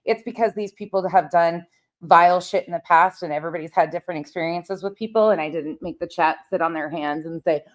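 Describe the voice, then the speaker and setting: Low voiced lady streaming, blunt n sweary, defiant. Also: a little fast. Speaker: streamer host. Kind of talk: casual livestream chat.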